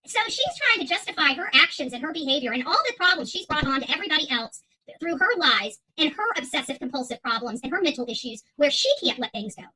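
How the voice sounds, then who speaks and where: A woman's voice: high-pitched, pushed and bright, rough recording. A woman hosting her own channel, talking straight to viewers in a heated, defiant monologue, with many fillers and repeated words. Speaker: YouTube channel host.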